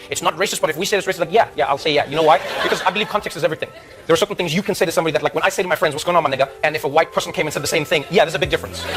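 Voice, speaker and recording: Guy hosting a talk show, comic rant, super quick and kinda high voiced, faint music behind. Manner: animated, emphatic, repeats words when excited. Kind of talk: comedic monologue.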